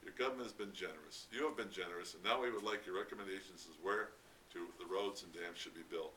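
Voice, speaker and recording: A man voicing a polite, gentle male official who speaks formally, read from a distance with faint noise. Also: deep voice, fast talker. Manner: courteous, formal.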